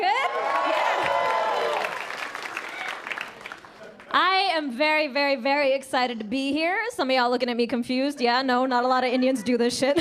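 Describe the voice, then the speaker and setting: A young woman performs stand-up in a club, brash and punchy, her voice pitched high. She works a handheld mic while a crowd laughs softly behind her. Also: noisy background. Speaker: stand-up comedian. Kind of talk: stand-up comedy set. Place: comedy club stage with live audience. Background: audience laughter.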